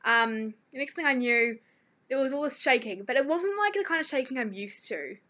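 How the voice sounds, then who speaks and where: A woman's voice: sits high, lively intonation, moderate pace, sharp tone. A teenage girl with a New Zealand accent, rambling through a story in a chatty vlog with lots of fillers. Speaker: vlogger. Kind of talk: casual chat. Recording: dull lo-fi recording.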